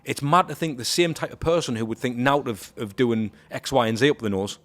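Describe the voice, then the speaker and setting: A man hosts a relaxed podcast chat, musing aloud and drawing out his guest. He talks fast at a middle pitch, often closing his thoughts with a tag question. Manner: reflective, sums up the guest's points with tag questions. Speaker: podcast host. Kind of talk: casual interview chat.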